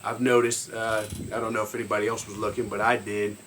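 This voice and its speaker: A man with a fairly low voice talks in a halting, heartfelt way, restarting words and filling gaps with "uh." A faint hum of outdoor ambience and crickets sits behind him. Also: little pitch movement, a bit bright. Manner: halting, repeats words, many fillers. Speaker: newly found brother. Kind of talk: casual emotional chat.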